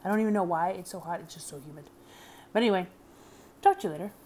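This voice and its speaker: A woman's voice: lowish voice, quick pace, a little mellow, slight background noise. Rambling, chatty American woman vlogging. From United States. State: hot and sweaty. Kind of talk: casual vlog chat. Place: indoors in Germany.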